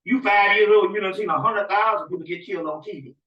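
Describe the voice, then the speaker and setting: A man giving a rambling, animated informal spiritual lecture to a small audience, often checking in with his listeners. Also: high voice, fast. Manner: rambling, animated, often asks "you see what I'm saying". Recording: dull, echoey room recording from a distance.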